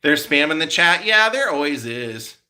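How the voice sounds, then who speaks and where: A man's voice: fairly high pitch, very animated, normal speed, sharp tone. A man hosting a live stream as a vlogger. He chats casually with his viewers and tells meandering stories, full of restarts and fillers. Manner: rambling storyteller with many restarts and fillers.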